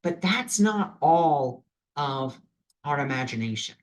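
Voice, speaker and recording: A man's voice: a little high, big pitch swings, slow pace. A man in his own vlog, talking casually and earnestly about imagination, with loose phrasing and many fillers. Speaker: vlogger sharing spiritual advice. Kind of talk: casual reflective vlog talk.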